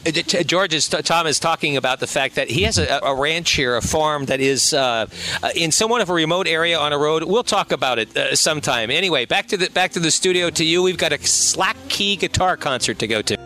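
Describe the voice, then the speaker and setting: A man hosting a travel radio show on location, chatty and a little hesitant. His voice is bright and forward. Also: fairly high pitch, animated, a little fast, a little hiss or hum.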